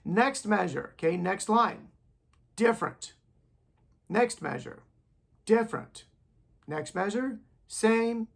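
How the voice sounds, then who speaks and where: This male teacher's voice sits high and has vocal fry; he's animated yet takes it slowly, with long pauses. In an online band lesson filmed on his phone, he chants counting syllables through rhythms, casual and encouraging.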